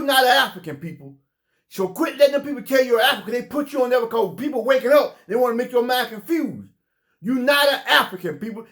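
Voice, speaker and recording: A man with a Southern US accent preaching an impassioned sermon, emphatic and repetitive, sometimes breaking into shouts. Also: extremely high pitch, expressive, fairly quick. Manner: fiery, emphatic, repeats phrases, bursts into shouts.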